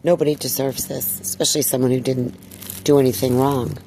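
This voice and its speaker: A woman talking in a personal vlog monologue, weary and distressed, sighing and clearing her throat. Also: rumbling low, fairly even intonation, a little fast, dark tone, a little hiss or hum. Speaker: video blogger.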